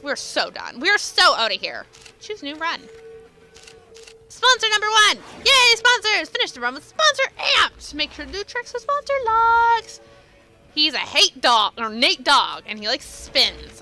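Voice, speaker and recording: Bright, lively young woman gaming. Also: high voice, unhurried, faint music behind.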